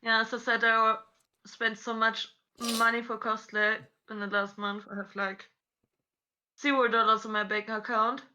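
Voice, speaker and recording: Chatty high bright-voiced woman cosplayer. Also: little pitch movement, a little slow. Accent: non-native English speaker. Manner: chatty, storytelling, many "like" fillers. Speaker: guest cosplayer on a convention panel. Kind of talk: casual chat. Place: convention panel stage.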